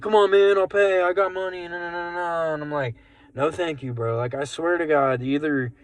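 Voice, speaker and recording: A man's voice: medium pitch, dry recording, low-quality recording. Man, rideshare driver, rambling casual vlog story, lots of fillers, dry close sound, phone in a car. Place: in a car at a gas station.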